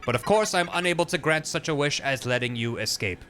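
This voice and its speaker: A man voicing a proud male computer who speaks in a stiff, measured, formal way and is puzzled by feelings. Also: a little high, animated, music in the background, close to an everyday voice. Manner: stiff, measured robotic delivery.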